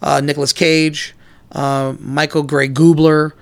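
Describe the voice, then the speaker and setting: A man's voice: fairly high pitch, flat delivery, unhurried, creaky. A man chatting casually as a podcast co-host, telling long rambling stories and swearing freely. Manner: rambling storyteller, acts out quoted lines. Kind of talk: casual chat.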